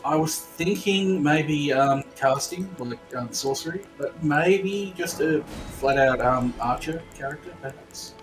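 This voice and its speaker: A man co-hosting a let's play, calmly explaining game mechanics with frequent hesitant fillers. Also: fairly high pitch, measured pace, music in the background, poor audio. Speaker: co-host player. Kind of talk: casual gameplay chat.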